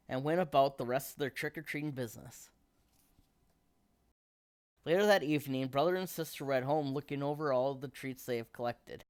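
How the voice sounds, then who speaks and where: A man reading a children's picture book aloud in a steady, expressive storytelling manner. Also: a little high, no room sound, studio quality.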